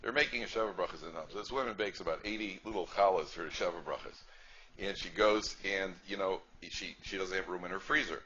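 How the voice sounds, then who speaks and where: Speaking quickly in a deep voice that's pushed and bright, a male rabbi delivers a funny storytelling lecture, chatty and repetitive, often checking with "right?". The lecture recording is dull and lo-fi with faint noise.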